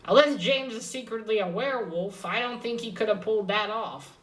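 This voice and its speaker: A woman's voice: a little high, brisk, fairly bright tone, far from the mic, low-quality recording. A woman casually recapping a comic book issue, rambling and hesitant, with many fillers and restarts.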